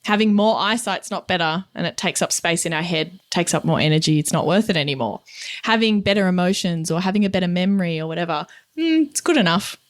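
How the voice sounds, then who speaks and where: A woman's voice: lowish voice, fast, no echo, studio quality. A woman co-hosting a casual podcast as a career coach, frank and playful, laughing often.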